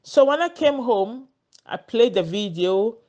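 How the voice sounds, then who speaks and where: A woman's voice: a little high, expressive, measured pace, a little mellow, muffled recording. A woman telling a personal story in a casual monologue, earnest, often repeating words as she searches for them. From Ghana. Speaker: vlogger sharing a personal story.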